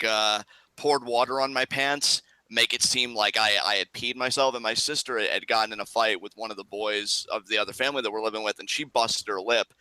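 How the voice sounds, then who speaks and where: A man's voice: on the low side, pushed and bright, clean tone, dry recording, low-quality recording. A man co-hosting a casual Q&A, answering bluntly and candidly and swearing freely. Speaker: co-host. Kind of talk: casual Q&A chat.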